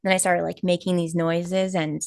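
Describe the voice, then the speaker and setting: Low gravelly woman telling a story. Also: brisk, no echo, studio quality. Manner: animated storytelling with many fillers and quoted asides. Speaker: co-host of a spiritual healing live stream. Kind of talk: casual chat.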